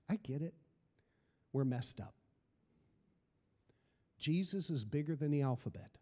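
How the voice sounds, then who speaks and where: A man's voice: medium pitch, lively intonation, measured pace, pauses often, mellow, long reverb tail. A middle-aged man preaching a sermon as pastor, building emphasis through repeated phrases. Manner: preaching with rising emphasis and repetition.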